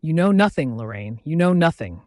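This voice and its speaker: A man's voice: mid-range voice, animated, normal speed, no room sound, studio quality, close to an everyday voice. A man voicing a tormented young male werewolf alpha, pleading and emotional. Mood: angry. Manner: anguished, pleading, emotional outbursts.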